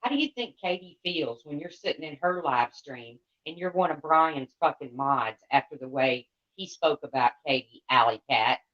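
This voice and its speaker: A woman's voice: sits low, expressive, normal speed, hardly any pauses. A woman livestreamer ranting to her chat in a blunt, heated, profane way. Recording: dull lo-fi sound.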